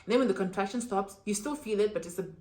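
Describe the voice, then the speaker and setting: A young woman vlogger telling a personal story in a lively, dramatic way with casual slang. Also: medium pitch, fast. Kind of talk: storytime vlog.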